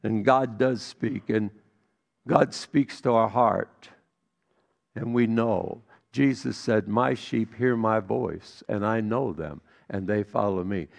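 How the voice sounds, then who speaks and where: Gravelly-voiced pastor preaching a sermon. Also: male voice, on the low side, takes it slowly. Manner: storytelling, swings from hushed to emphatic.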